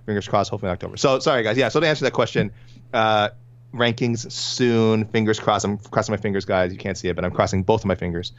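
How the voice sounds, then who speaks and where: Canadian dude rambling fast on a sports podcast, trips over his words, kinda muffled. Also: fairly low pitch, fairly even intonation. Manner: quick, rambling, self-correcting. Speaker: podcast co-host. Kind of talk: casual sports podcast chat.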